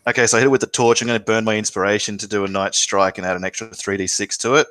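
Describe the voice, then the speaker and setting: A man's voice: lowish voice, steady tone, rapid-fire, noisy background. A man playing a tabletop game, narrating his character's actions in dramatic first person between dice rolls. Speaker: player.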